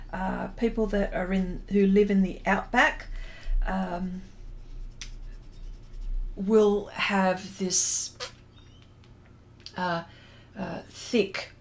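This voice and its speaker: A middle-aged Australian woman casually chatting with her livestream viewers, giggly and hesitant with many ums. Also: mid-range voice. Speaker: artist hosting a livestream. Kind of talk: casual chat reading out viewer comments.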